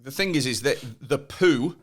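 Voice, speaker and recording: A man's voice: mid-range voice, animated, normal speed. A man with a Lancashire accent co-hosting a casual podcast chat, telling stories loosely, swearing and laughing often. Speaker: podcast co-host.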